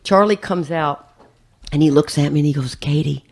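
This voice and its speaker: A woman's voice: low voice, moderate pace. A woman speaking at a recovery meeting, telling a humorous personal story with lots of laughter and acted-out voices. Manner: animated, laughs often, acts out others' voices.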